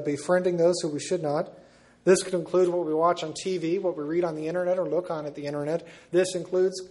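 A man preaching a sermon, slow and measured, repeating words for emphasis. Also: fairly high pitch, dark tone.

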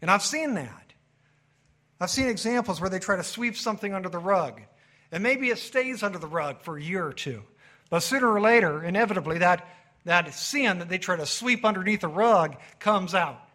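A man's voice: high voice, lively intonation, moderate pace, sharp tone. A man preaching a sermon as pastor, emphatic, with swells and drops in his delivery.

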